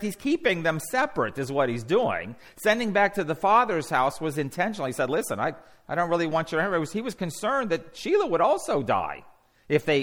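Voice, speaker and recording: A man teaching a Bible study class, animated and conversational, often putting questions to the group and restarting his sentences. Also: a little high.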